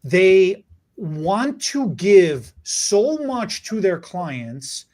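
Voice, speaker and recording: A man's voice: high voice, very animated, very slow, darkish tone. A man who teaches hair extension work, talking bluntly and with some profanity in a casual podcast chat, often stammering when he restarts a thought.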